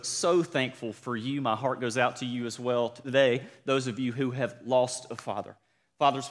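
A man's voice: medium pitch, a bit bright. A young man with a Southern accent, preaching as a student pastor and calling out to the congregation. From South Georgia, USA. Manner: upbeat, calls to the congregation. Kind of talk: sermon. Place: church sanctuary. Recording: long church reverb.

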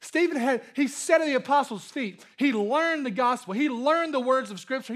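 A man's voice: very high-pitched, fairly bright tone. A man preaching a sermon as pastor, talking conversationally, repeating and restarting phrases and building up to emphatic points.

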